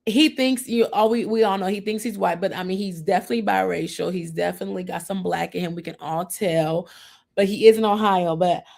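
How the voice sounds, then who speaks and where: Brief: female host, mid-pitched voice, casual gossipy TV recap, opinionated, acts out quotes. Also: fairly even intonation, fairly quick, creaky, darkish tone.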